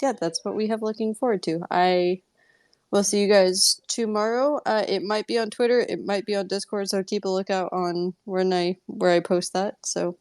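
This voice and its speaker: A woman's voice: mid-range voice, fairly even intonation, normal speed, darkish tone, dry recording. A woman hosting a live audio podcast, talking casually in a rambling, self-deprecating way. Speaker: podcast host.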